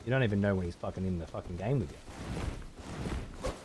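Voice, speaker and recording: A man's voice: sits low, moderate pace, a little mellow, a little hiss or hum. An Australian man streaming a game live, ranting and swearing heavily while he talks to his chat. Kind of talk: live gameplay commentary.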